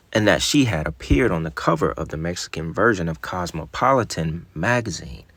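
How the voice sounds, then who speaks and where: A man's voice: low-pitched, dry recording. A man narrating a mystery case, reading an article aloud with casual asides. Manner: casual asides between read passages.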